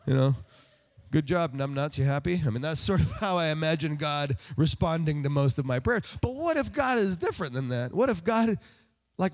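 Male pastor, somewhat high voice with lively, swooping pitch; chatty sermon full of rhetorical questions and self-deprecating asides. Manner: conversational, asks the congregation rhetorical questions.

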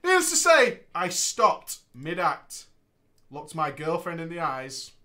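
A woman's voice: low voice, very animated, slow, bright, forceful tone. A woman co-hosting a comedy podcast, reading a story aloud and teasing, often giggling.

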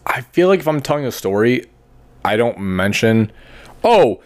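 Man, podcast co-host, casual chat, swears a lot, lively up-and-down voice. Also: medium pitch, normal speed. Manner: animated, swearing, jokey.

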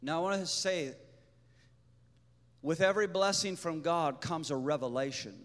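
A man preaching, telling a testimony story with animated energy and acting out the voices of the people in it. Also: on the high side, moderate pace. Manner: animated storyteller, acts out voices, shouts to the crowd. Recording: echoey hall with long reverb.

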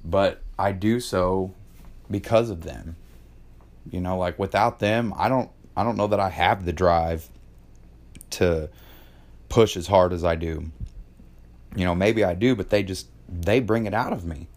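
A man's voice: sits low, a little slow, pauses often, darkish tone. A man in his thirties talking in a casual monologue about parenting, passionate, cursing freely and filling with "man". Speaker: podcast host.

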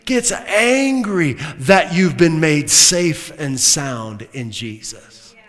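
A man with a notably high voice preaches slowly and deliberately, letting each phrase land. He swings from loud, emphatic declarations to hushed asides and slips in joking remarks. His voice carries the long reverb of a big church hall. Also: expressive. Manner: humorous asides with laughter. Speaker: pastor. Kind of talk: sermon.

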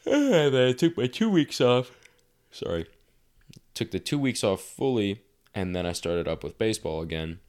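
A man's voice: fairly low pitch, very animated, moderate pace, darkish tone. A young man casually telling a story as a podcast host, rambling and swearing often. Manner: rambling, profane, filler-heavy.

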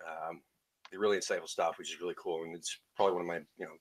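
A man's voice: low-pitched, level tone, racing, slightly rough. Chatty man hosting a podcast. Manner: loose, chatty, laughs loudly. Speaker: podcast host. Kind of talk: casual podcast chat. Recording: faint background noise.

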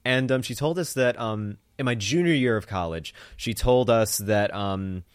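A young man co-hosting a podcast, telling a rambling comic story with animated quoted voices. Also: fairly low pitch, normal speed, clean tone, no room sound, clean studio sound. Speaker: podcast co-host. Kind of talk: casual comedic chat. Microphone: studio mic on a stand.

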